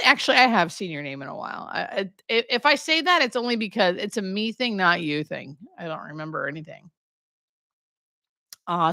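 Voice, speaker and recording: This woman, a hospice nurse and livestream host in her thirties, chats through a casual live Q&A, calling out viewers by name with self-deprecating asides. Her pitch is fairly low and her tone a little bright.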